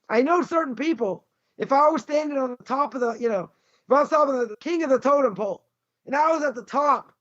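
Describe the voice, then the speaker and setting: A rabbi giving a Torah lecture, blunt, combative and sarcastic. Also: male voice, very high voice, a bit bright. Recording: dull lo-fi recording.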